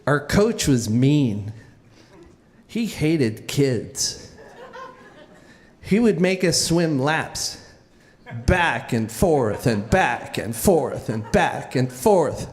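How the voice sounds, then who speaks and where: A man telling a childhood story live on stage, animated and often restarting with repeated words. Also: a little high, drawn-out words, pauses often, in a large hall.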